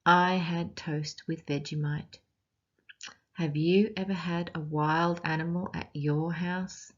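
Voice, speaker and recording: Australian woman, teacher, unhurried picture-book read-aloud, expressive, asks children questions, lowish voice, dull lo-fi recording.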